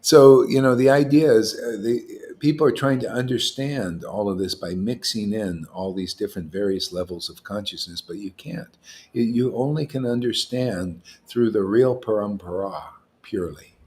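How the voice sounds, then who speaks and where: A spiritual teacher gives an informal sermon to devotees in a lowish, darkish-toned male voice at normal speed. He is emphatic and challenging, speaking colloquially and repeating words for emphasis.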